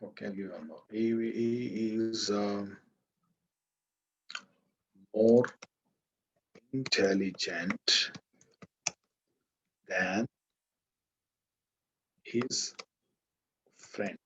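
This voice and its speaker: Slow Indian English teacher, dull recording. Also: male voice, fairly low pitch. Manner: slow, deliberate, pauses to quiz students. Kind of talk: classroom grammar lecture.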